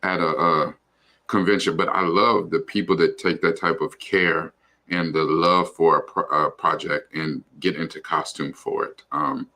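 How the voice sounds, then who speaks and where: Deep gravelly guy just rambling on a stream, kinda bright edge to it. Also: steady tone, unhurried. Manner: rambling, loose with fillers and profanity. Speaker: livestream co-host. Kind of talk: casual chat.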